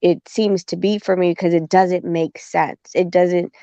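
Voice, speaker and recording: A woman on a podcast telling a story in casual chat, animated and swearing, acting out the back-and-forth she had. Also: lowish voice, a little slow, dry recording. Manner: animated, swearing, acts out quoted exchanges. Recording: dull lo-fi dry sound.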